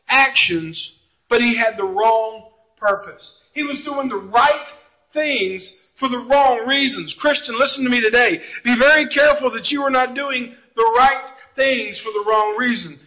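A man's voice: extremely high pitch, lo-fi sound. A male pastor preaching a sermon, emphatic and drawing out key words as he addresses the congregation directly.

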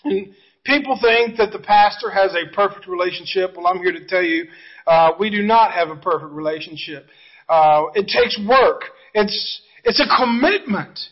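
A pastor preaching an earnest, conversational sermon. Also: male voice, high-pitched, moderate pace, muffled recording.

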